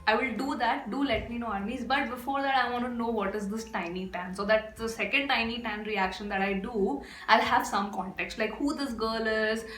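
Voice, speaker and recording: Woman, fairly high voice, gushing reaction vlog host, echoey room. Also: fairly even intonation, moderate pace, hardly any pauses, a bit bright, a little hiss or hum. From India. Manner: gushing, effusive. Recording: echoey room with faint music.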